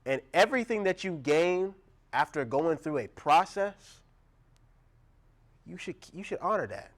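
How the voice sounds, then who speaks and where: Animated young man preaching, raised voice. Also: a little high. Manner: animated, laughing, acts out quoted voices. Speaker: pastor. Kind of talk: sermon.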